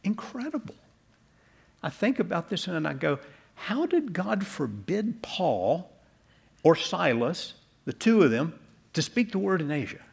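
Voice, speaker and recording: A male pastor delivering an earnest sermon in a church, closing in soft prayer. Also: high voice, big pitch swings, a little slow, gravelly, breathy edge.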